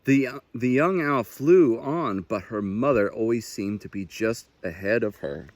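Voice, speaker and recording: A man, a naturalist, reading a children's picture book aloud with expressive, unhurried storytelling. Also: medium pitch, no echo.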